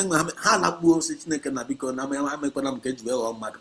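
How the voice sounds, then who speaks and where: A man hosting an activist livestream talks very fast in a medium-pitched, fairly bright voice marked by a Nigerian Igbo accent. Switching between Igbo and English, he preaches emphatically, scolds, and repeats himself often.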